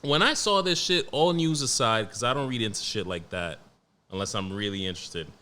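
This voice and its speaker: Young man, podcast host, casual monologue, swearing, joking, slightly low voice. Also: animated, fairly quick, sharp tone. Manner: profane, blunt and joking, reading news aloud.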